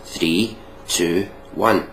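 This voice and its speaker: A man's voice: low-pitched, drawn-out words, a bit bright, a little hiss or hum, rough recording. A man hosting a casual reaction video, mocking and sarcastic, swearing freely.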